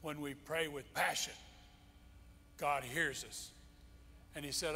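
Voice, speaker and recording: A male pastor with a higher voice and a sharp tone preaches a sermon a little slowly, leaving long pauses. He's impassioned and emphatic, repeating his key phrases, and the church sanctuary adds long hall reverb.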